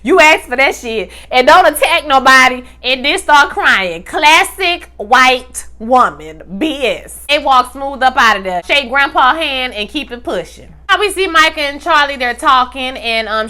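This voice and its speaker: High bright-voiced woman doing a funny tv recap, sassy, slangy, acts out every line. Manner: animated, sassy, slangy, acts out the characters' lines. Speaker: TV recap reviewer. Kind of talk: casual comedic recap.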